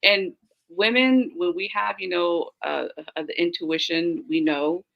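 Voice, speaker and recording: Young adult woman, podcast guest, slightly low voice, animated storyteller. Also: unhurried, vocal fry, lo-fi sound. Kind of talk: casual podcast chat.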